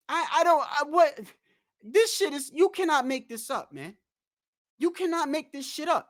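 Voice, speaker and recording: A man's voice: very high voice, moderate pace, no room sound. Blunt ranting man on a dry mic. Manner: blunt, animated, cursing, addresses chat. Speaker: livestream host. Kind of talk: casual live-stream rant.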